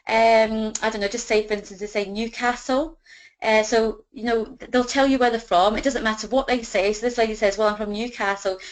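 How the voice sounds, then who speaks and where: A woman's voice: fairly high pitch, fairly even intonation, fairly quick, poor audio. Chatty woman coaching sales scripts. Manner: chatty, fills with "you know", acts out sample dialogue. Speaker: business trainer.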